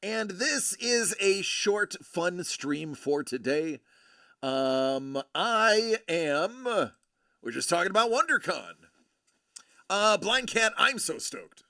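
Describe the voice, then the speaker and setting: A man hosting a casual livestream, joking and teasing his viewers with quick asides. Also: high voice, big pitch swings, pushed and bright, no echo, studio quality. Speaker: livestream host, collector.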